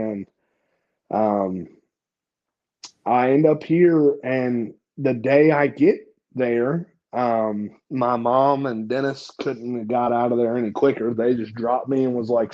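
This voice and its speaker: A man's voice: medium pitch, moderate pace, dull audio. A young man telling a personal story casually as a podcast guest, profane and self-mocking, with lots of fillers.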